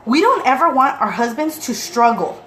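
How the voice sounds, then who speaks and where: A woman's voice: high voice, big pitch swings, normal speed, fairly bright tone, slight background noise. A young woman chatting casually to her viewers as a vlogger and mother of two, blunt, swearing freely and acting out quotes with animation.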